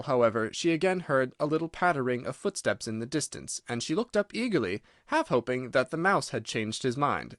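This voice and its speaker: A man narrates an audiobook with expressive storytelling in a medium-pitched voice. It's scripted narration, recorded clean in a studio with no room sound.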